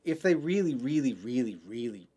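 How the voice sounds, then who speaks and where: Rambling man, lively pitch. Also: fairly quick, slightly rough. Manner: rambling, many restarts and fillers. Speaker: podcast co-host. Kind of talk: casual chat.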